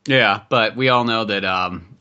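A man's voice: on the low side, a little slow, bright, forceful tone, smooth, dull audio. A man co-hosting a podcast, trading crude jokes in casual banter and laughing often. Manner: crude, jokey, laughs often, slips into silly put-on voices. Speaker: podcast co-host.

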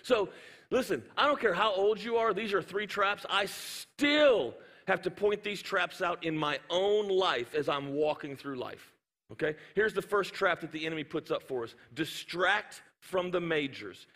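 A male pastor, preaching with animated storytelling and playful sound effects. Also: sits high, unhurried. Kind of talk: sermon. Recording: hall reverb.

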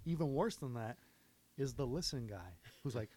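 A man's voice: medium pitch, expressive, normal speed, mellow, slight background noise. A man co-hosting a podcast in casual chat, telling stories animatedly and laughing often. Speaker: podcast co-host.

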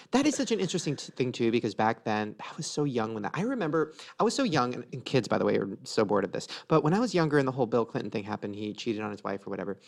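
A man's voice: mid-range voice, sing-song, fast, gravelly. A man co-hosting a casual podcast chat, joking and swearing in a chatty way. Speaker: podcast co-host.

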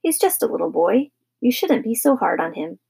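A soft, soothing storybook mom, read by a woman, indulgent and gentle, with a gravelly, husky texture to her voice. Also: medium pitch, very animated, normal speed, full character voice.

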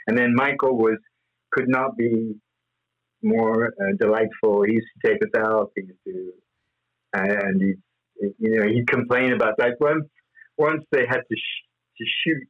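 A man's voice: medium pitch, animated, measured pace, phone-quality sound. A man as interview guest, telling rambling stories with frequent laughs and fillers. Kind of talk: anecdotal interview storytelling.

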